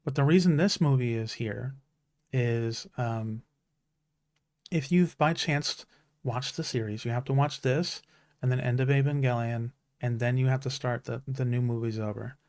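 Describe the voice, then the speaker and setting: A man's voice: medium pitch, moderate pace, a little mellow, no echo, studio quality. A man in his thirties, a streamer, talking in an earnest, heartfelt way about stories that matter to him, with many restarts. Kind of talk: casual chat.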